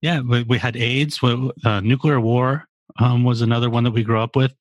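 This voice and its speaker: A man's voice: medium pitch, fairly even intonation, moderate pace, no room sound. A man in his forties in a casual podcast chat, rambling and profane with lots of fillers. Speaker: podcast co-host.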